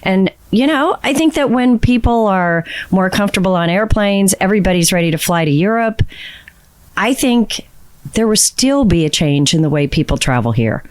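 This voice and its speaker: A woman co-hosting a casual podcast chat, reading out statistics with fillers and drawn-out emphasis. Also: medium pitch, lively intonation. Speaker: podcast co-host sharing industry statistics.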